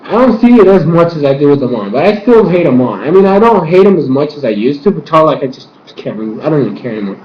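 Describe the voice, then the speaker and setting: A man's voice: a little high, very animated, quick pace, hardly any pauses. A man casually reviewing a TV episode, rambling, with lots of filler swearing. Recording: echoey room, muffled, faint hiss.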